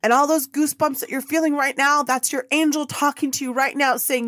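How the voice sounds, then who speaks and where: A woman's voice: sits high, fairly even intonation, a little fast, fairly bright tone, no echo, clean studio sound. A woman hosting a spiritual podcast, speaking with fervent emotion and repeating affirmations. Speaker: podcast host.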